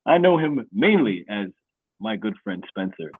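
A man's voice: fairly low pitch, very animated, measured pace, no echo. A man hosting a casual sports podcast, giving playful hype-man introductions and chatting loosely about football. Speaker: podcast host. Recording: phone-like narrow sound.

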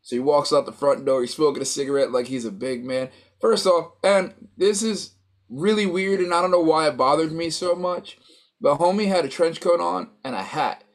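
A man's voice: fairly high pitch, normal speed. A man casually recapping a story, rambling with many fillers and acting out quoted lines. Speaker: co-host recapping a show. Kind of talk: casual chat.

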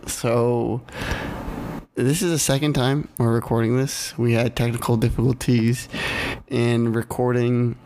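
A man co-hosts a podcast in a relaxed, rambling way. He fills gaps with ums and likes, and he swears casually. His voice sits at an ordinary middle pitch. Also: unhurried. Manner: laid-back, swears freely, lots of fillers. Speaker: podcast co-host. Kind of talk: casual chat. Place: California home recording.

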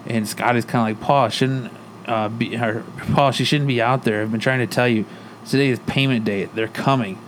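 Podcast guy retelling a comic, characters' lines in his normal voice, faint hiss behind him. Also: medium pitch. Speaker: podcast co-host. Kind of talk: casual comic book recap.

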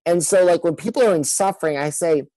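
Earnest pastor, dry close sound. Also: male voice, a little high, warm tone, no echo, rough recording. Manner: earnest, halting, many restarts. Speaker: pastor, guest. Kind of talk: personal storytelling in a podcast interview.

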